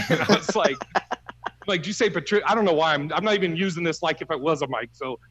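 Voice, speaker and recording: A man's voice: on the high side, brisk, background noise. A man doing a stand-up comedy set over a video call, telling a story, swearing freely and laughing at his own punchlines.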